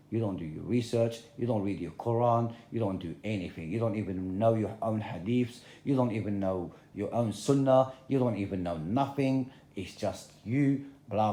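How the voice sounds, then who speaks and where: A man's voice: fairly low pitch, dark tone, reverberant. A man talking straight to his viewers in a confrontational, repetitive rant, using plain, common speech. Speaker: video blogger. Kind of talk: direct-to-camera religious rant.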